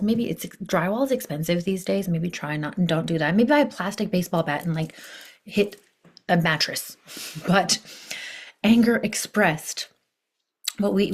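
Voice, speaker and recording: A woman teaching a recorded online course as a life coach, speaking conversationally with rhetorical questions and acting out inner voices. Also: mid-range voice. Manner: animated, acts out inner voices in quotes.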